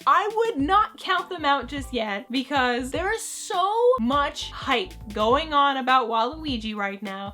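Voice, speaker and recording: A woman chatting excitedly about video games in a casual vlog, jumping between jokes and hype. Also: on the high side, moderate pace, few pauses, soft background music. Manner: excitable, animated, jokey. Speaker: gaming vlogger.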